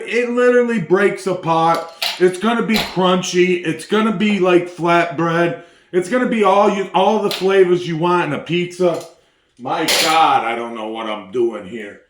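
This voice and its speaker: Joking cooking vlogger in an echoey kitchen. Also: male voice, on the high side, background noise. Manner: loose, joking, hypes viewers, talks while eating. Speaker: home cooking video host. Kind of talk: casual cooking demonstration.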